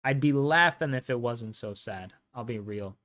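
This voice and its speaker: A young man hosting a live football watch-along, chatting casually in slang and breaking into loud, high outbursts at the action. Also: expressive, normal speed.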